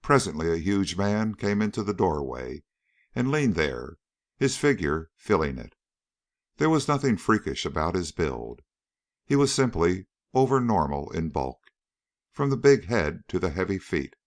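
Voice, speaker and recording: A man narrating an audiobook in a measured storytelling manner. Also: low-pitched, sing-song. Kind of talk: scripted narration.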